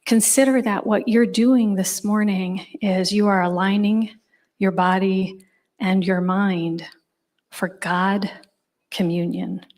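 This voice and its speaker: Slow-speaking woman leading meditation. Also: mid-range voice, steady tone. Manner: gentle, unhurried instructing with long pauses. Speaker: meditation leader. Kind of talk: guided meditation instruction. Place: church service.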